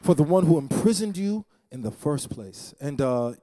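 A man's voice: a little high, lively intonation, normal speed, mellow, no room sound. Dramatic man preaching, repeating lines. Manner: dramatic, repeats phrases for emphasis. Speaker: pastor. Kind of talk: sermon. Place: church.

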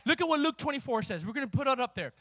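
A man's voice: very high voice, sing-song, rapid-fire, bright, forceful tone, no room sound. A man preaching a sermon as pastor, with impassioned delivery and vivid storytelling.

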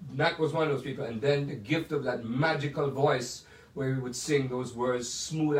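An older man from Jamaica with a Jamaican accent, telling rambling stories about his life as a jazz pianist, full of digressions and asides. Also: mid-range voice. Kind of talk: casual storytelling. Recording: roomy sound from a distant mic.

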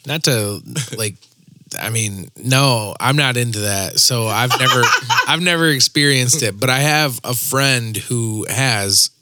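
A man's voice: mid-range voice, measured pace, bright, forceful tone, a little hiss or hum. A man co-hosting a casual podcast, answering in a laid-back, hesitant way and often trailing off. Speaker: podcast co-host.

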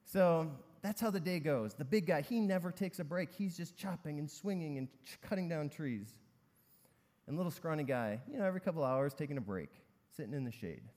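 A man's voice: on the high side, lively intonation, a little fast, darkish tone. Chatty preacher man in a big hall. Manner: conversational storytelling with many fillers. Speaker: pastor. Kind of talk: sermon. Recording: long reverb in a large hall.

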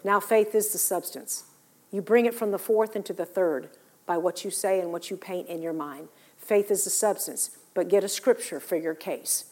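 A woman preaching a sermon, telling Bible stories in an animated way and acting out the voices of the people in them. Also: lowish voice, normal speed.

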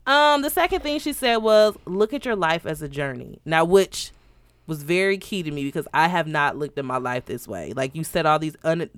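A woman's voice: deep voice, lively intonation, moderate pace, clean tone, no room sound. A woman in her twenties co-hosting a podcast, talking candidly and casually, swearing and laughing often. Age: 20s. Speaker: podcast co-host.

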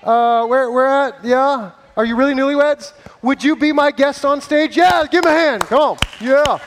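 A man leading an interactive Bible story on stage, playful and energetic as he coaches volunteers in front of a live audience. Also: very high-pitched, moderate pace, background noise.

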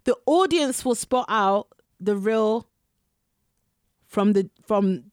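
A young woman, co-hosting a podcast in casual chat, animated and swearing freely as she talks over her co-host. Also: medium pitch, slow, no room sound, clean studio sound.

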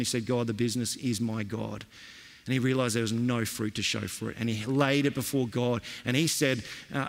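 A man preaching a sermon, telling stories in a lively, conversational way. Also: medium pitch. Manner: storytelling, animated and conversational. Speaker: pastor. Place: church hall. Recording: long reverb of a church hall.

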